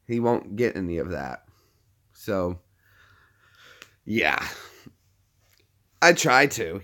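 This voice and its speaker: A man hosting a casual livestream from his phone, rambling and often restarting his sentences. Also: mid-range voice. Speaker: livestream host.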